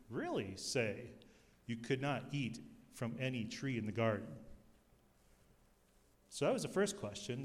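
Man preaching in an echoing hall. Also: fairly high pitch. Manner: animated storytelling with humor. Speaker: youth ministry speaker. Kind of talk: sermon. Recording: long hall reverb.

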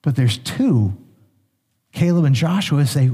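A man's voice: medium pitch, expressive, unhurried, mellow. A male pastor giving a sermon, retelling scripture in an easygoing, conversational way with small restarts. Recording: long hall reverb.

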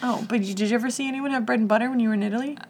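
A woman's voice: fairly high pitch, rapid-fire, slight background noise. A young woman co-hosting a podcast, retelling a movie in casual chat, giggling often and saying "like" a lot. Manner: giggly, animated retelling with lots of "like". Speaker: podcast co-host.

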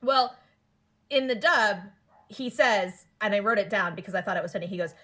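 A woman's voice: medium pitch, moderate pace, pushed and bright. A woman co-hosting a podcast, recapping a cartoon episode in a casual, amused way and often laughing. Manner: chatty and amused, often laughing, acts out quotes. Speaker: podcast co-host.

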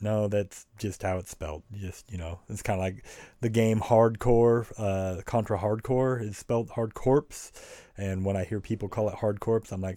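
A man's voice: on the low side, steady tone, moderate pace, warm tone, dry recording, studio quality. A man co-hosting a podcast, chatting casually and frankly about a game, rambling and swearing freely. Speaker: podcast co-host. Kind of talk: casual review chat.

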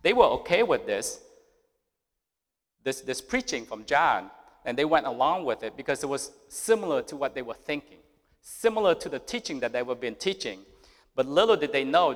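A man's voice: on the high side, a bit bright, big-room sound. A pastor giving a conversational sermon, reading scripture aloud and then asking his listeners questions.

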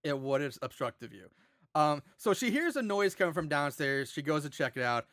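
Animated high-voiced man recapping a movie. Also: normal speed, dry recording, clean studio sound. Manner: animated, profane, laughing retelling. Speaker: podcast co-host. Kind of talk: casual movie recap chat.

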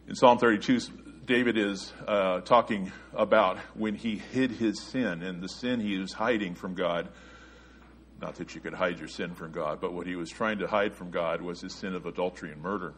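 A man preaching a sermon, earnest, his voice rising and getting louder when he quotes scripture. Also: deep voice, normal speed, a little hiss or hum.

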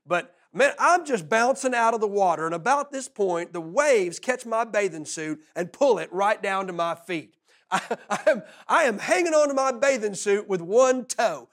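A middle-aged man preaching a sermon as pastor, telling a story with lots of laughter and repeated words. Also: sits high.

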